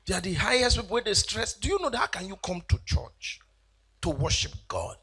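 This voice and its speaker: A Nigerian man doing animated stand-up comedy on a church event stage, mixing in Pidgin and mimicking people. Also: high-pitched, fairly quick, husky.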